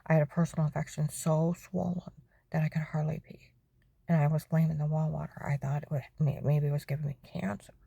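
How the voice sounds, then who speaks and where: A middle-aged woman with a low, flat voice tells her own story, keeps asking "okay?" and often sinks into a whisper. Her tone is gravelly and husky. The recording is dry and close. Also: a little fast, dry recording. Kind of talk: personal testimony monologue.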